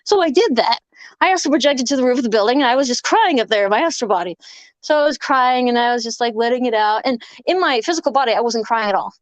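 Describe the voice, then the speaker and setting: A woman's voice: a little high, lively intonation, fast talker, no echo. A woman guest on a casual podcast, telling long rambling stories full of "like". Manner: rambling storyteller, many fillers of "like".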